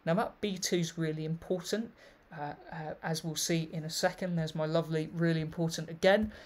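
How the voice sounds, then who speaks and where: A literary researcher gives an explanatory video lecture on his thesis, reading out passages and discussing them as he proceeds. His voice is on the high side and steady in tone, and he speaks a little fast.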